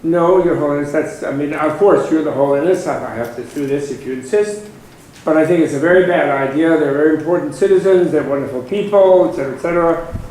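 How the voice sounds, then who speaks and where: Brief: fawning, coaxing male secretary, high-pitched, as a man tells a joke, booming echo. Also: quick pace, a little mellow, lightly acted. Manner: coaxing, polite persuasion. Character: pleading, deferential male papal secretary. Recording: very echoey hall, faint noise.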